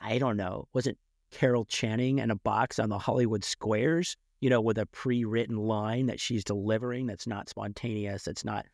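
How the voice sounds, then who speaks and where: A man's voice: fairly low pitch, fairly even intonation, normal speed, gravelly, a little mellow, dry recording, clean studio sound. A middle-aged man co-hosting a podcast, reflecting aloud with rhetorical questions in casual chat. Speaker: podcast co-host.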